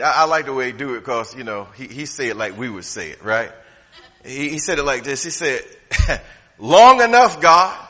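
A man preaching a humorous, conversational sermon from the pulpit, swinging from loud to hushed. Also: fairly high pitch, long reverb tail. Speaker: pastor. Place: church sanctuary.

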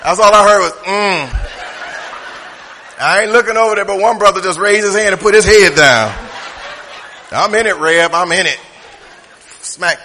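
Man, pastor, sermon, bright tense voice, reverberant church hall, loud-to-hushed delivery. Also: sits high, moderate pace, long pauses, slight background noise. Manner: humorous, conversational preaching that swings from loud to hushed. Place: church sanctuary.

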